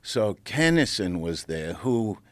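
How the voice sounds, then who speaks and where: A man telling a profane, animated comedy story in casual conversation. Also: lowish voice, takes it slowly, dry recording. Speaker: comedian guest.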